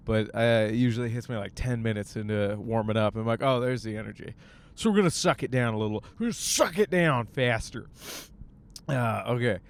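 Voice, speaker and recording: A man's voice: medium pitch, clear, resonant tone. A young man from Michigan, a stand-up comic hosting a casual podcast, rambling and joking alone on his way to the gym. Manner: jokey, riffing, acts out bits. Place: car on the way to the gym.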